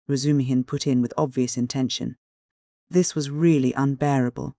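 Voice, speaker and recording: A man narrating a classic novel as an audiobook in a measured, steady reading. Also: medium pitch, vocal fry, no room sound, studio quality. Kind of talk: scripted literary narration.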